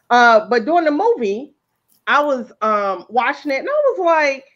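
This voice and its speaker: A woman chatting casually in a movie review, animated, emphatic and profane. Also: a little high, unhurried. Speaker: podcast co-host. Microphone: video call. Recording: slightly dull lo-fi audio.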